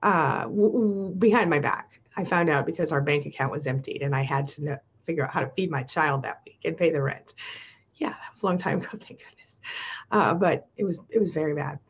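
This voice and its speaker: A middle-aged woman with a gravelly, husky voice talks casually on a live stream, reading out viewer comments and laughing often. Her voice sits low, and the lo-fi stream audio sounds dull. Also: brisk. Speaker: host of a live support stream.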